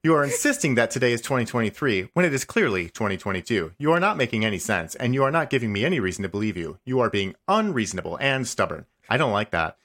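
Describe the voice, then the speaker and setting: A man reading the lines of a stubborn, passive-aggressive male AI chatbot in a comedy podcast, insisting he is right and tacking on a deadpan "smiley face". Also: medium pitch, fast talker, few pauses. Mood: defensive. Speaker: podcast host. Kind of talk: comedic dramatic reading of a chat log.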